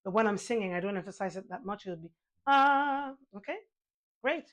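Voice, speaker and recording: A woman teaching a singing lesson, calmly guiding the listener through exercises, counting aloud and demonstrating sounds. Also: medium pitch, fast talker. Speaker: vocal coach.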